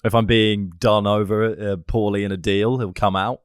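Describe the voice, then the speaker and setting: Deep-voiced teasing Englishman. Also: moderate pace, clear, resonant tone, no echo. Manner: dry, teasing, deadpan. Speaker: podcast co-host. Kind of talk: casual comedic chat.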